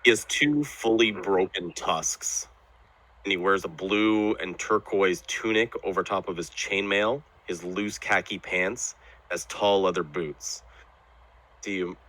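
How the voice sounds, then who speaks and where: A man's voice: sits low, pushed and bright, rough recording. A man narrating his character's actions as a player in a tabletop game.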